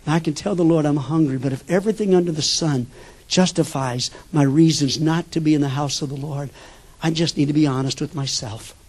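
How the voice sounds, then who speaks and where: An older man preaching a sermon as a pastor, telling stories with sudden shifts between loud bursts and hushed asides. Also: fairly high pitch, a little fast.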